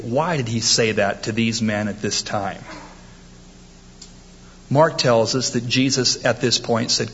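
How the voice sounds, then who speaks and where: A man's voice: medium pitch, slow pace, pauses often, fairly bright tone, muffled recording, slight background noise. A man preaching a sermon, emphatic and quoting scripture with rising force. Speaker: pastor.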